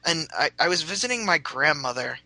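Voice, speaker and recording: A man's voice: on the high side, expressive, fairly quick, bright, forceful tone, dry recording, poor audio. A young man casually telling a rambling, sweary story and laughing as he goes.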